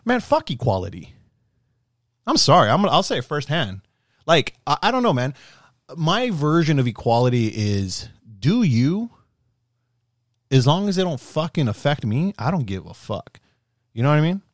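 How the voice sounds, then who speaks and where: Ranting, swearing man, lively pitch. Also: moderate pace, long pauses, dry recording, clean studio sound. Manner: animated, swearing, rising to shouts when worked up. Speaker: podcast co-host. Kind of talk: casual profane rant.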